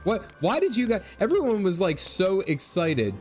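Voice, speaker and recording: A man streaming a video game, chatting casually in a rambling, excitable way with lots of fillers and restarts. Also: on the high side, normal speed, hardly any pauses. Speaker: gaming streamer. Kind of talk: casual livestream commentary. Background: game music.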